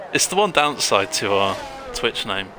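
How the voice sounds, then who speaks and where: A man's voice: on the low side, background noise. A man co-commentating a live sim race, chatty and joking between calls.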